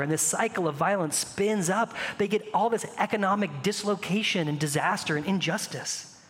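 A man preaching a sermon as pastor, conversational and animated, asking the congregation rhetorical questions. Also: sits high, big-room sound, a little hiss or hum.

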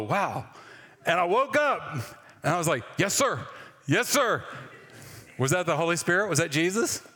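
Pastor, male, fairly high voice, chatty sermon delivery with questions to the room, long hall reverb. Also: bright, forceful tone. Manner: conversational, asks the congregation questions.

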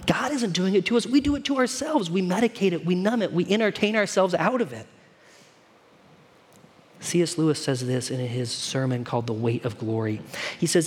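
A man's voice: high-pitched, normal speed, husky. A man preaching a sermon to his congregation in a casual, conversational way, often asking them questions. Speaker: pastor. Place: church hall.

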